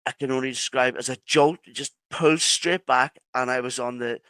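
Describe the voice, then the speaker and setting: Irish man telling his story, halting. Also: mid-range voice, steady tone, sharp tone, smooth, dry recording. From Ireland. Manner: halting, with many restarts and pauses. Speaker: podcast guest. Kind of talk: telling a personal story in an interview.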